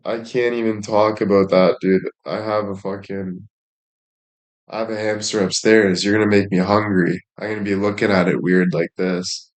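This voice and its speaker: A man's voice: fairly low pitch, level tone, normal speed. A man chatting casually as a streamer, rambling along with heavy swearing and plenty of filler words. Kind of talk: casual chat.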